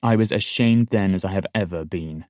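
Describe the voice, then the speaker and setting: Male audiobook narrator, very low voice, steady read, dry close sound. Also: moderate pace, dry recording. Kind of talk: scripted narration.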